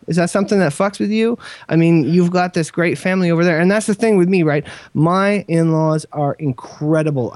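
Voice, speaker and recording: Male podcast host, slightly high, dry sound; earnest, rambling, profane. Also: a little mellow, no room sound. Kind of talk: casual podcast talk.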